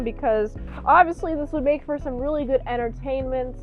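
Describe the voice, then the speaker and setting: A high-voiced woman reviews a movie in an energetic, jokey style. She keeps riffing with animated enthusiasm. Faint music plays behind her. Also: a little fast, few pauses, muffled recording.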